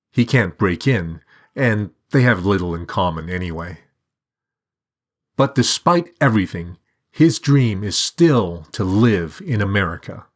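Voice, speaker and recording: Man reading a story out loud, low voice, real slow and measured. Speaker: narrator. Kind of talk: scripted narration.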